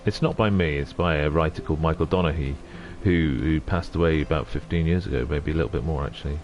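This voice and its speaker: A middle-aged man chatting on a livestream, soft-spoken and halting, often moved. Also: rumbling low, lo-fi sound, faint music behind. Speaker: streamer. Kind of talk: casual livestream chat.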